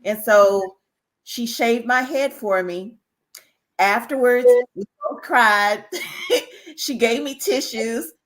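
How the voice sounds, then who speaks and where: A woman, a podcast guest telling a personal story in an animated way, often repeating herself and speaking straight to listeners. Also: fairly high pitch, slow, low-quality recording. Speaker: guest, author. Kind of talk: casual interview storytelling.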